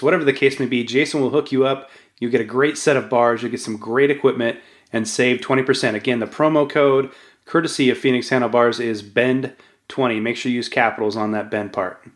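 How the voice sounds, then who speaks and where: A man of mid-range pitch hosts a podcast and closes the show with an upbeat promo read. He talks straight to his listeners and sells his plugs with energy. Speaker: podcast host, motorcycle tour operator. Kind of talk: podcast outro and sponsor read.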